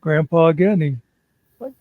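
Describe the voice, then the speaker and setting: A man's voice: a little high, moderate pace, dry recording, phone-quality sound. A man co-hosting a casual chat, telling a long joke in a leisurely storytelling way. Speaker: co-host.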